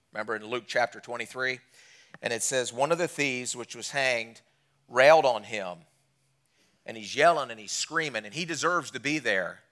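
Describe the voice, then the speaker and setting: During a church service, a guest preacher delivers a sermon and puts direct questions to the congregation. His delivery swings between loud, emphatic lines and quiet, low drops.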